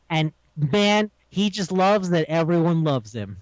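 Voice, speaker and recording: A man co-hosting a casual podcast, recapping an episode with animated, profane delivery and acted-out lines. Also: fairly high pitch, a little slow, hardly any pauses, no room sound. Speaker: podcast co-host. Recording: dull lo-fi sound.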